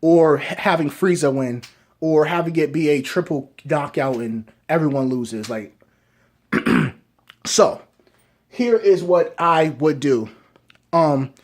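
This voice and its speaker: A young man reviewing a show in casual commentary, rambling as he pitches an idea and often tagging sentences with "right?". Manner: rambling, keeps asking "right?". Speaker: video reviewer.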